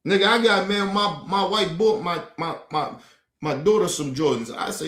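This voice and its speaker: A man's voice: high voice, moderate pace, a bit bright. Indignant, swearing man in echoey room. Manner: indignant, blunt, heavy swearing. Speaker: streamer reacting to clips. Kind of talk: casual profane commentary. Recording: roomy echo.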